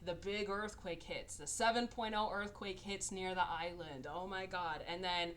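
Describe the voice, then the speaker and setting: A woman co-hosting a podcast, retelling a movie plot in a casual, animated way and acting out the characters' lines. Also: lowish voice, moderate pace. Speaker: podcast co-host. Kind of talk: casual movie recap chat.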